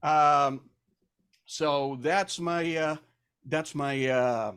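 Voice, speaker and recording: A man's voice: on the high side, extremely slow, fairly bright tone, clean tone, no room sound, studio quality. Older man doing self-deprecating stand-up. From Argentina. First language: Spanish. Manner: self-deprecating, hesitant with fillers, breaks into silly voices and songs. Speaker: stand-up comedian. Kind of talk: stand-up comedy set.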